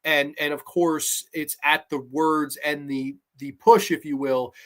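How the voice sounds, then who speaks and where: A man hosting a podcast, talking through a horror episode in a casual, animated way, with lots of restarts and blunt asides. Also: fairly high pitch, a little slow. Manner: animated and chatty, many restarts, asks "right?". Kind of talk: casual spoken review.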